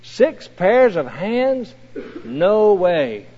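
A man voicing a doubting male angel, gentle and questioning, as part of a sermon. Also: sits high, big pitch swings, moderate pace, pitched above the performer's own voice. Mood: doubtful. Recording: dull recording in a reverberant hall.

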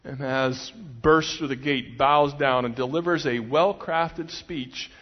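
A man's voice: mid-range voice, slow pace, hardly any pauses. A man preaching a sermon, retelling a story expressively and voicing the quotes of its people. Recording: muffled recording with long hall reverb.

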